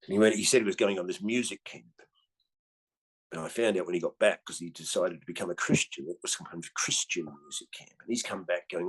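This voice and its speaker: A man in his fifties with an Australian accent, swearing freely and tagging his lines with "right?" as he tells animated stories in a casual chat. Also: deep voice, a little fast, slightly rough. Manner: animated storyteller. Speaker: guest comedian.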